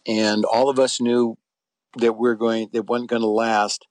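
A man's voice: mid-range voice, flat delivery, a little slow, dry recording. A middle-aged man being interviewed, telling a personal story in a rambling, conversational way with frequent restarts. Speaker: interview guest.

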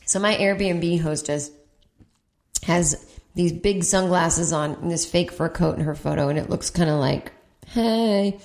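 A woman with a somewhat low-pitched voice rambles through a personal story for her comedy podcast. She swears casually, pokes fun at herself and slips into quick put-on voices for the people she quotes. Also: steady tone, a little mellow. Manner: chatty, profane, self-mocking, quotes people in put-on voices. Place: at home.

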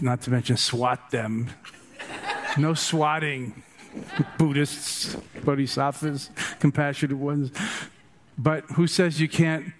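A man's voice: mid-range voice, a little mellow. An older man giving a humorous, digressive meditation talk, telling stories to his listeners. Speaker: meditation teacher. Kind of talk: storytelling dharma talk.

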